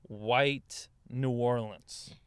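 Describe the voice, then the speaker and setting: Rambling man, smooth dry voice. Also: mid-range voice, steady tone, extremely slow, no room sound. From Louisiana. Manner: rambling, swears freely, laughs often. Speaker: comedian guest. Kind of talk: casual podcast chat. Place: inside a car.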